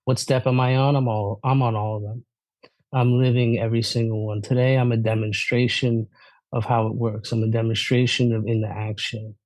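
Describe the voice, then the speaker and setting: A man giving an energetic testimony at a recovery meeting, asking rhetorical questions and laughing often. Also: medium pitch, moderate pace, no room sound.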